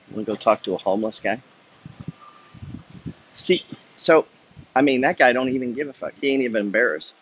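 A man with a low, husky voice, his highs cut off, rants bluntly and profanely as he walks city streets. This vlogger delivers a motivational walk-and-talk monologue, preaching as he goes.

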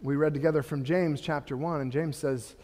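A middle-aged man preaching a sermon as pastor, animated and rising to impassioned rhetorical questions. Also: on the high side, brisk. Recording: long hall reverb.

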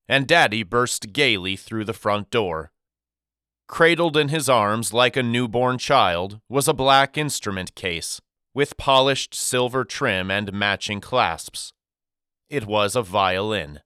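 Man reading a novel out loud, slow and thoughtful, bright crisp voice. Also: lowish voice, dry recording, clean studio sound. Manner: measured, reflective storytelling. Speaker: audiobook narrator. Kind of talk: scripted narration.

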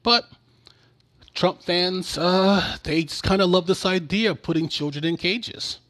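A man's voice: sits high, unhurried, a bit bright. A man giving casual political commentary in a blunt, sarcastic and profane way.

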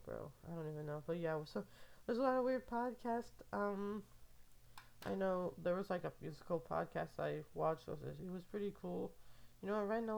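Young woman, casual solo podcaster; low-ish, gravelly voice, meandering and amused. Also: darkish tone. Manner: rambling, filler-heavy, amused. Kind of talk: casual rambling monologue.

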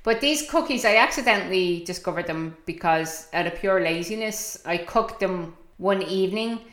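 A woman's voice: on the low side, moderate pace, fairly bright tone. A middle-aged Irish woman hosting a podcast, chatting casually and telling stories with animation. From Ireland. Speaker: podcast host. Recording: echoey room.

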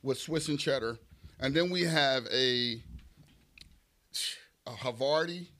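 A man's voice: medium pitch, measured pace. A man, a chef guest, chatting easily at a table and describing his sandwiches. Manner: easygoing, describes food warmly. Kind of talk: casual chat. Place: indoors at a table with food.

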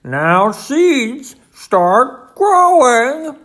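A reader voicing a fussy, anxious male toad in a storybook read-aloud, pitched high and crying out in alarm. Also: normal speed. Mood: frantic. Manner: excitable, cries out in high alarm.

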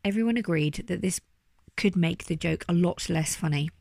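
A woman reading a children's story aloud with lively, animated delivery. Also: on the low side, moderate pace, gravelly, dry recording, studio quality. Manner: animated, doing character voices. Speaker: storybook reader.

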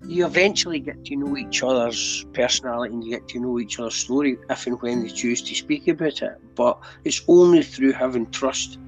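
Earnest Scottish man, muffled audio. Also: medium pitch. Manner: earnest, with constant "mate" and "do you know what I mean". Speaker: podcast guest. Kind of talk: candid conversational storytelling. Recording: dull lo-fi audio with faint music.

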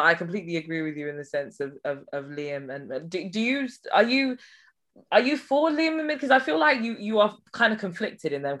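Woman, podcast host, quick, lowish voice, chatty and rambling. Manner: rambling, chatty, lots of restarts. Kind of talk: casual chat.

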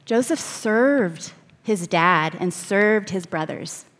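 A woman delivering a sermon at an unhurried pace, her voice at a middle pitch. She reads scripture aloud and slows right down on the words she wants to stress. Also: expressive, fairly bright tone. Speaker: preacher.

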